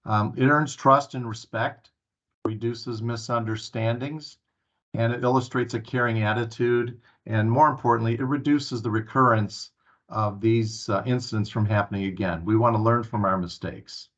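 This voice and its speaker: A man's voice: mid-range voice, fairly even intonation, moderate pace, a bit bright. A man giving a staff training presentation at a town hall meeting, earnest and full of filler sounds and restarts. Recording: muffled lo-fi recording.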